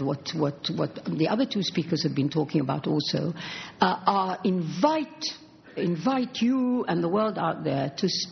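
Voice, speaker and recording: Gravelly-voiced woman speaking on a panel. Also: fairly low pitch. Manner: earnest, halting with fillers. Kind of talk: panel discussion answer. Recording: dull lo-fi recording with faint noise.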